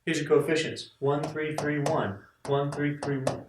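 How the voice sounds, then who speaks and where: A man teaching a math lecture to students, enthusiastic and animated as he walks through examples. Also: a little high, unhurried, roomy sound, distant mic, background noise.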